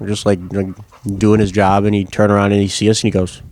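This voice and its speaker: A man's voice: fairly low pitch, fast. A young man co-hosting a podcast, telling crude stories in casual chat. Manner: animated crude storytelling. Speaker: podcast co-host.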